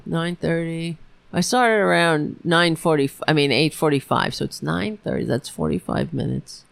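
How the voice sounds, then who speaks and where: A woman's voice: sits low, unhurried, creaky, no echo. Sarcastic ranting woman podcaster. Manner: angry, sarcastic, profane, rambling with restarts. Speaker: political podcast host. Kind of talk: ranting solo commentary.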